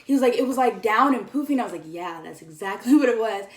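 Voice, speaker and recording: A woman's voice: fairly high pitch, animated, fast, slight background noise. A young woman vlogger telling a casual story, chatty and giggly, with lots of "like" and "um". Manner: chatty, giggly, full of fillers like "like" and "um". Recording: echoey room, somewhat far from the mic.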